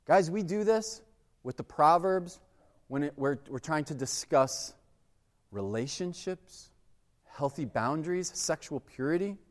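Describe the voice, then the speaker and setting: A high-pitched young man preaches with a lively, swooping delivery. He acts out the voices in his stories with animated energy. His voice rings out in the long reverb of a large hall. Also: unhurried. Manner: animated storytelling with acted-out quotes. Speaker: pastor. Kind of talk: sermon.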